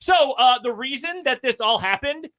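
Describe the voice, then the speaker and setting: A man's voice: extremely high pitch, expressive, normal speed, pushed and bright. A male sports radio host reading out a news story in a radio studio, with wry asides.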